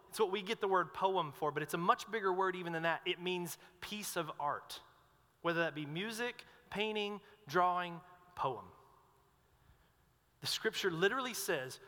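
A young adult man preaching a sermon, telling stories with swings between loud and hushed delivery. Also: fairly high pitch. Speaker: pastor. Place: large hall with long reverb. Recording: long hall reverb.

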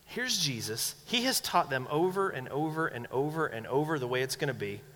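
A young man preaching a sermon as a pastor, animated, acting out quoted voices with big swings in pitch. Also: brisk. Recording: long hall reverb.

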